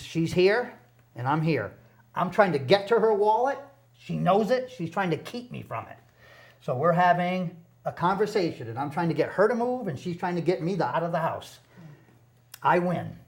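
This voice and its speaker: A man, a guest on a TV interview show, telling a personal story in an earnest, halting way, often repeating words. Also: fairly high pitch. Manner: earnest, passionate about recovery.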